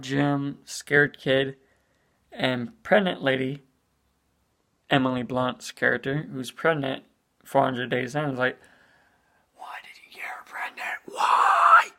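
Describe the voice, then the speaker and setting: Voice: medium pitch, fairly even intonation, takes it slowly, long pauses. A speaker giving a casual spoken movie review as an exasperated rant, full of "you know" and swearing.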